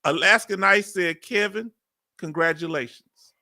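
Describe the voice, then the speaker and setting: With a high, bright and forceful voice, this man speaks unhurriedly. He's a veteran from Texas in his fifties with a Southern accent, chattily hosting a live stream, reading out viewer comments, laughing a lot and drawling asides.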